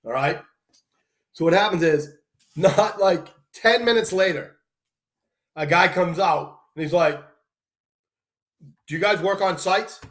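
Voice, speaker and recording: A man hosting a live stream, telling lively stories about his work and acting out the people in them. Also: sits high, measured pace, pauses often. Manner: animated storyteller, acts out quoted people. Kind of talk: casual storytelling chat.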